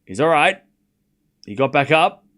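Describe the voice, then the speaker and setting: A young man hosting a live tennis watchalong stream, chatting casually and excitedly repeating the score as points are played. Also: fairly high pitch, measured pace. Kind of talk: live casual play-by-play commentary.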